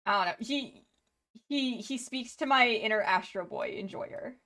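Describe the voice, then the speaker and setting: A woman's voice: fairly high pitch, unhurried, bright, forceful tone. A woman streamer chatting casually on a live stream, gushing and rambling with many restarts and laughs.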